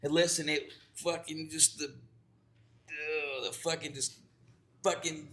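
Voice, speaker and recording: A man's voice: fairly high pitch, fairly even intonation, slow, fairly bright tone. A young man co-hosting a podcast, telling a long, profane story in a rambling, laughing way. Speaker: podcast co-host. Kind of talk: casual storytelling chat.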